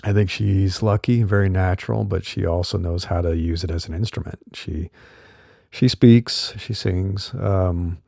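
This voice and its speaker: A middle-aged man hosting a podcast, talking casually and relaxed, with fillers, on a studio condenser mic. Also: deep voice, unhurried, creaky, no room sound. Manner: relaxed, chatty, with fillers and laughs. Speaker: podcast host. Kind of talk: casual solo podcast talk.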